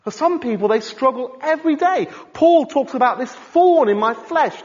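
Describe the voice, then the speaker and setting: A high, lively male voice preaching a sermon, rising and falling as he talks with the congregation and checks that they follow. The sound is dull and carries a long hall reverb. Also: moderate pace, few pauses. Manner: animated, conversational, asks the congregation questions.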